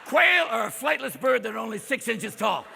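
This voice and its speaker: A man doing a live stand-up set, manic and profane, jumping in and out of quick impressions. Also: very high-pitched, sing-song, creaky, bright, forceful tone. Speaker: stand-up comedian. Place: on stage before a live audience. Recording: live crowd laughter, noisy hall.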